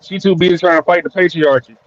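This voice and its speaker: A man's voice: high-pitched, fairly even intonation, fast, muffled recording, background noise. A man hosting a casual chat show, teasing and provoking his guests playfully. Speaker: host.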